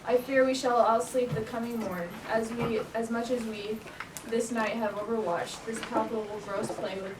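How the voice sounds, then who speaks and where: A woman's voice: on the high side, fairly even intonation, moderate pace. A woman reciting verse as a duke on an amateur stage, slipping and restarting lines. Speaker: stage actor as Duke Theseus. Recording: echoey room, distant mic, noisy.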